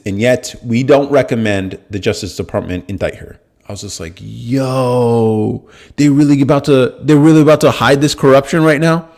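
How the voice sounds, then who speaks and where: A young American man hosting a live podcast, telling a story in a casual, animated way and swearing freely. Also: fairly low pitch. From United States. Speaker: podcast host. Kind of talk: casual livestream talk.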